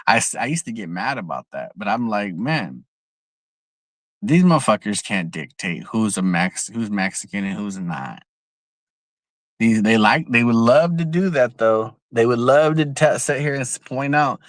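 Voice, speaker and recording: A young man from San Jose, California, rants on a casual livestream in a lowish voice. He is blunt and profane and keeps repeating his points. The sound is dry and close, with almost no room echo. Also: lively intonation, normal speed. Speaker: livestream host. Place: outdoors.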